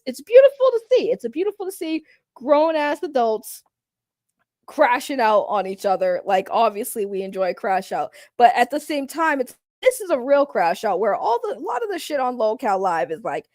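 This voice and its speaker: High-voiced profane woman streamer. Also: animated, normal speed, a little mellow, dry recording, clean studio sound. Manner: profane, blunt, mocking. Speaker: drama channel streamer. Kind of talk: casual live-stream rant.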